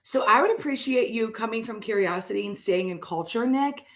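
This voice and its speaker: A woman's voice: a little high, lively intonation, fairly quick, background noise. A woman co-hosting a live morning stream, trading teasing comebacks. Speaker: co-host of a live morning show. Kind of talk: joking live-stream banter.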